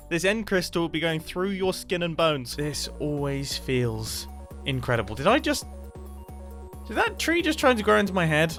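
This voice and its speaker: A young man giving playful, excitable, self-mocking commentary on a Minecraft game from his desk at home. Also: sits high. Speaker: Minecraft video creator. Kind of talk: casual gameplay commentary.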